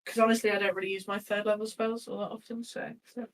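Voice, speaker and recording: A woman talks through her turn in a tabletop game. Her voice is mid-pitched and reaches the mic from a little way off. She chats loosely, laughs easily and swears under her breath. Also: little pitch movement, quick pace, far from the mic, rough recording. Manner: chatty and swearing, laughing often. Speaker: player.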